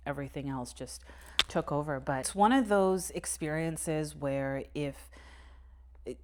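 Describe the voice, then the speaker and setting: A woman's voice: deep voice, measured pace, background noise. A young adult woman co-hosting a podcast, candidly telling a personal story with swearing and nervous laughter. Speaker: podcast co-host. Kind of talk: casual conversation.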